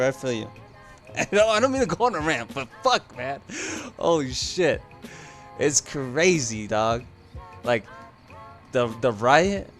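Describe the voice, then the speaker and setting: A man streaming a game rants to his chat in a heated, profane way, chuckling between sentences. His voice sits at an ordinary middle pitch, with faint game music in the background. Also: a bit bright. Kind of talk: casual live-stream rant to chat.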